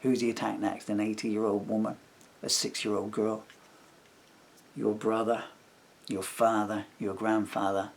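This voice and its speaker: A man's voice: lowish voice, little pitch movement, a little slow, gravelly, pauses often. A man telling a long grievance in a personal vlog, rambling and indignant, acting out what others said. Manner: indignant, rambling retelling with acted-out quotes. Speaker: vlogger.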